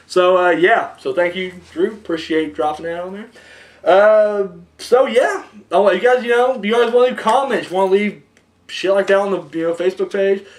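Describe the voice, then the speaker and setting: A young man hosting a casual movie podcast, rambling and profane, acting out little scenes as he talks. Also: sits high. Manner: rambling, profane, animated storytelling. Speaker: podcast host. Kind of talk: casual chat.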